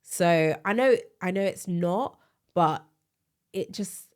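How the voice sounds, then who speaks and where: A woman co-hosting a casual podcast chat. She sounds tired and a bit bunged up with a cold, and she talks in an animated way with frequent laughs. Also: fairly low pitch, takes it slowly. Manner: chatty, animated, laughs often. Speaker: podcast co-host.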